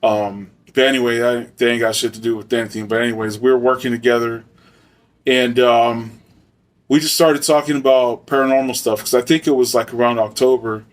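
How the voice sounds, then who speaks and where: Brief: Arizona man, casual profane storyteller, mid-pitched, mic a little distant. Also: fairly even intonation, brisk. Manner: loose, slangy and profane, with frequent fillers. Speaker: storyteller, former soldier.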